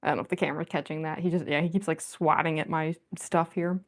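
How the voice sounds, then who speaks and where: A woman artist chatting casually on a livestream while she draws at home, talkative and quick to giggle. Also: low-pitched, fairly even intonation. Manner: chatty and giggly, with frequent laughs.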